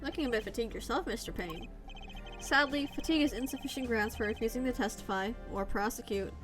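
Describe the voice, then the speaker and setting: A woman's voice: fairly high pitch, quick pace, music in the background, lightly acted. A woman voicing a confident young male defense lawyer in a courtroom game, speaking in a pointed, cutting way.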